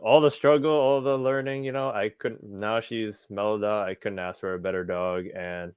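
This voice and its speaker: A man's voice: lowish voice, steady tone, moderate pace, clean tone, no echo, highs cut off. A man as a guest in a casual chat, rambling with many fillers. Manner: rambling, heavy fillers like "you know".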